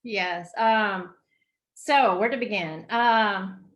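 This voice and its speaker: A woman's voice: mid-range voice, drawn-out words, fairly bright tone. A woman guest in a casual interview, answering hesitantly with many fillers.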